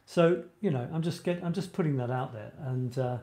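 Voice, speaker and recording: This man hosts a live creative writing show, speaking at normal speed in a warm, medium-pitched voice. His casual live-stream chat rambles, and he often breaks off mid-sentence and laughs at himself.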